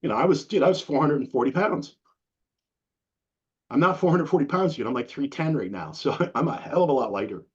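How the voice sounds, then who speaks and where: Man, middle-aged, husky voice, casual rambling interview talk, profane, dull lo-fi sound. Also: mid-range voice, very animated, fast talker, few pauses. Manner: rambling, profane, says "dude" a lot. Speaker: interview guest. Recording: dull lo-fi recording.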